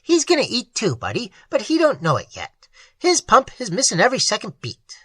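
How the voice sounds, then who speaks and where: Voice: medium pitch, wildly swooping pitch, a little fast, pushed and bright, husky, dry recording, voice pushed up, exaggerated voice. A narrator voicing a mysterious male gardener figure who talks in a folksy, coaxing and sly way. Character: eerie otherworldly male gardener.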